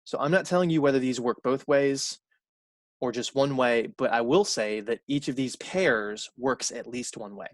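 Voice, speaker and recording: A man's voice: medium pitch, moderate pace, no echo, clean studio sound. A man teaching a recorded college math lecture in a conversational way, repeating key points and correcting himself aloud.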